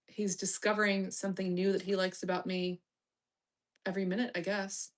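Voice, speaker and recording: A woman's voice: mid-range voice, level tone, moderate pace. Bossy, teasing woman streamer. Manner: swears, distracted and muttering. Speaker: livestream host reading chat. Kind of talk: casual live-stream chat.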